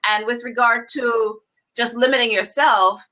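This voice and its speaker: A woman's voice: a little high, fairly even intonation, measured pace, pushed and bright, poor audio. A woman guest in a casual online chat, talking with enthusiasm and laughing often.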